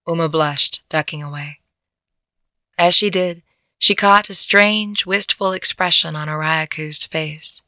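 A woman narrating a fantasy story as an audiobook, with a gravelly voice. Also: low-pitched, fairly even intonation, a little slow, sharp tone, no echo, clean studio sound. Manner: breaks into laughter at her own jokes.

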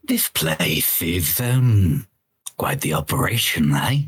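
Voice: sits low, animated, slow pace, husky, exaggerated voice. A tabletop player voicing a drawling adventurer who speaks with a lisp, in a playful, easygoing way. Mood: curious. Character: gruff low-voiced adventurer with a lisp.

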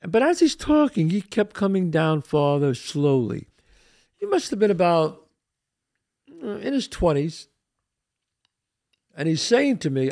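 A man's voice: fairly high pitch, sing-song, measured pace, long pauses, darkish tone. An older man hosting a talk show, telling a personal story in a casual, streetwise way, full of asides to his co-host. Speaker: podcast host.

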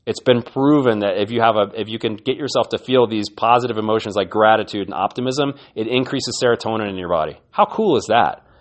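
A man's voice: lowish voice, brisk, hardly any pauses. A man hosting a podcast, giving an earnest, encouraging motivational talk and often repeating his words. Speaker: podcast host.

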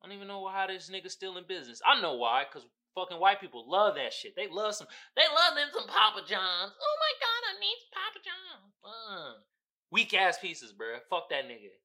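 On a solo podcast rant, a host curses freely and lurches between loud outbursts and low mutters, heated throughout. His lively voice swoops up and down with a very bright, sharp edge, and he talks fairly quickly with few pauses.

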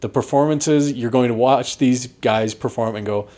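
A man co-hosting a podcast, chatting casually about movies in a rambling way, with lots of restarts. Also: normal speed. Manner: rambling, restarts often, animated pitch swings. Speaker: podcast co-host reviewing movies. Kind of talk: casual chat.

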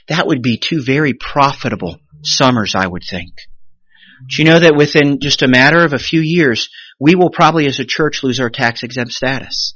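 A pastor delivering a sermon, his voice leaping high and loud on a point and then sinking to a low near-whisper. He brings the congregation's voices to life as he quotes them. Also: moderate pace, no room sound. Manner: animated preaching with sudden rises and hushed drops.

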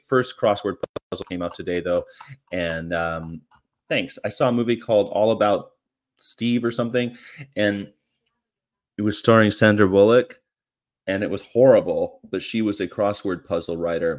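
A man vlogging in a casual, rambling monologue with offhand, crude, jokey asides. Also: lowish voice.

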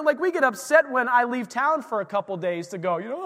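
A middle-aged man preaches a sermon to his congregation in a church sanctuary, his voice very high-pitched, sing-song, fairly quick and a bit bright with few pauses. He speaks loosely and conversationally, acting out little scenes of dialogue, and the recording carries a long hall reverb.

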